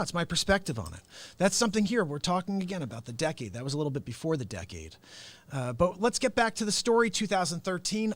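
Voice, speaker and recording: A man hosting his own unscripted live-stream talk show. He tells stories with lots of animation, laughs often, speaks straight to his viewers, and slips into comic impressions. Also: medium pitch. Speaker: host and real estate agent.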